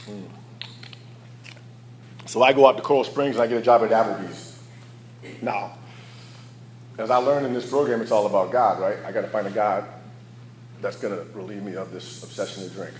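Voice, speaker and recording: Low-voiced man telling his recovery story. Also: moderate pace, pauses often, roomy sound, slight background noise, low-quality recording. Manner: candid, storytelling, laughs at his own past. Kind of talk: personal testimony talk.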